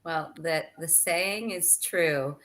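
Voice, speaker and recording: A woman's voice: deep voice, slow, a bit bright. A woman with a Canadian accent hosting a business summit panel, talking with enthusiasm and a promotional push. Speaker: host.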